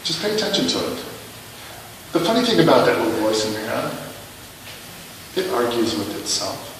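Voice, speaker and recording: A male minister gives a sermon in a conversational, self-mocking way, posing rhetorical questions. His medium-pitched voice is sing-song at a moderate pace. The mic is at a distance in an echoey hall, with background noise.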